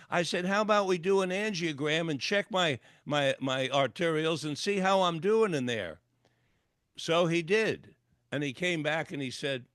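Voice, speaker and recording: A man's voice: on the high side, fairly bright tone, no echo, clean studio sound. An older man, a psychologist and author, telling a personal story in a radio interview and acting out the dialogue vividly. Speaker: guest, clinical psychologist and author.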